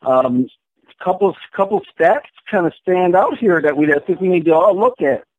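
A man's voice: high voice, lively intonation, moderate pace. A man from Minnesota calling in to a sports show, easygoing with frequent restarts. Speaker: caller. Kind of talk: phone call-in chat. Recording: tinny dry phone line.

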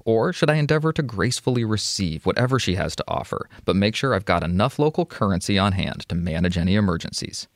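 Low-voiced man reading a letter. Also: expressive, quick pace, few pauses, dry recording, clean studio sound. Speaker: advice podcast co-host. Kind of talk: reading a listener letter, then casual chat.

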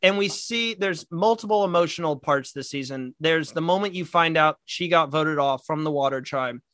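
A man's voice: fairly high pitch, moderate pace, a bit bright, dry recording. An American man hosting a podcast interview, enthusiastic and asking long multi-part questions. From United States. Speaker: podcast host. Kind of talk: casual interview.

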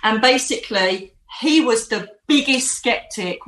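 A woman, a medium telling stories with animated emphasis as an interview guest. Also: mid-range voice, normal speed, reverberant, poor audio. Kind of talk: casual storytelling in an interview.

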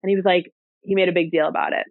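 A woman's voice: lowish voice, level tone, racing, no echo. Woman podcast guest, chatty storyteller, heavy "like" filler, tinny phone-quality audio, dry. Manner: chatty, fills speech with "like" and "you know". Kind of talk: casual storytelling in an interview.

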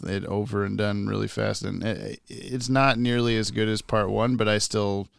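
Gravelly man chatting casually. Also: fairly low pitch, moderate pace, no echo, studio quality. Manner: relaxed, rambling, filler-heavy. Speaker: podcast co-host. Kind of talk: casual chat.

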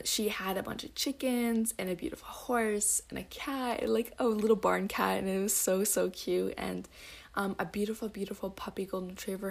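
Rambling woman with vocal fry. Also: medium pitch. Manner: rambling, heavy use of "like" and "um". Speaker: podcast host. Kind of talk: casual solo podcast monologue.

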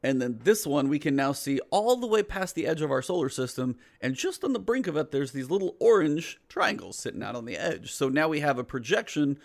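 A man's voice: on the high side, very animated, fairly quick, creaky, hardly any pauses. A middle-aged man co-hosting a casual gaming podcast, chatty and explaining at length. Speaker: podcast co-host.

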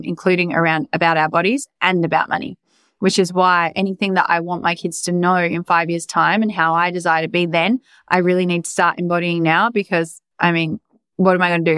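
Young woman podcaster spilling her guts, swears a lot, bit low-pitched, dry close sound. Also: fairly bright tone, smooth, dry recording. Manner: raw, emphatic, swears freely. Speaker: podcast host. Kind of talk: candid personal monologue.

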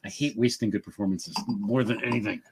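A man's voice: fairly low pitch, fairly even intonation, fairly quick, a crowd in the background. A man co-hosting a podcast in casual political chat, wry and self-deprecating, swearing freely. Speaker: podcast co-host.

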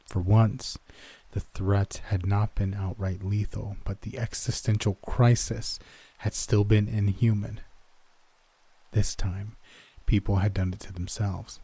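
A man narrating a first-person horror story in a measured, somber way. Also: fairly low pitch, level tone, dark tone, slightly rough.

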